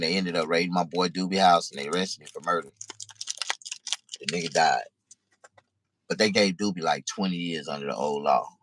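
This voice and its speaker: A man telling a personal story in casual, profane speech, halting and repeating himself. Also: low voice, fairly bright tone, no room sound.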